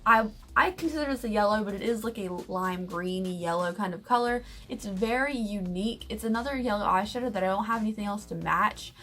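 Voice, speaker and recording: A woman's voice: medium pitch, fairly quick, few pauses, fairly bright tone. A young woman from the United States chatting candidly and enthusiastically through a casual makeup review. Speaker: beauty vlogger.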